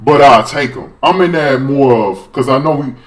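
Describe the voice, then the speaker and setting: A man giving a casual, profane sports rant as a fan vlogger, rambling and excitable with many restarts. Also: mid-range voice, moderate pace.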